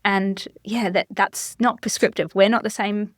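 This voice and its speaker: A woman's voice: mid-range voice, steady tone, a little slow, no room sound, studio quality. A woman co-hosting a parenting podcast, thinking aloud in a reflective way. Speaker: podcast co-host. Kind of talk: podcast conversation. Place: podcast studio room.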